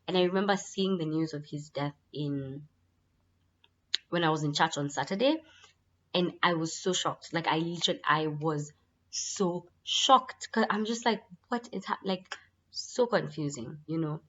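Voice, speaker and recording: A woman's voice: deep voice, fairly bright tone, a little hiss or hum. A woman chatting through a casual monthly update vlog, her voice a bit congested from a lingering cold, repeating words for emphasis. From Kenya. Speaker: vlogger. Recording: slightly dull lo-fi audio.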